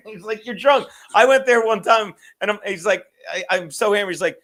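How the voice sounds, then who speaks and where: High-voiced profane rambling podcast host. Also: male voice, moderate pace, few pauses, pushed and bright. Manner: rambling, profane, laughs often. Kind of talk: casual chat.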